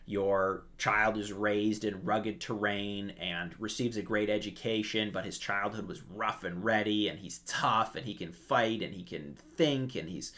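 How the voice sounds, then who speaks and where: Male commentator, lowish voice, lively casual history storyteller. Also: a little slow, few pauses. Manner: animated storytelling, acts out quotes.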